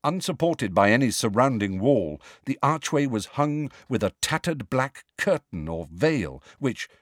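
A man narrating a storybook in a hushed, suspenseful way. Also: medium pitch, no room sound, clean studio sound. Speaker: audiobook narrator.

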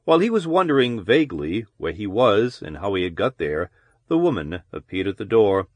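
A man giving measured, descriptive audiobook narration of a novel. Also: on the low side, very animated, dry recording.

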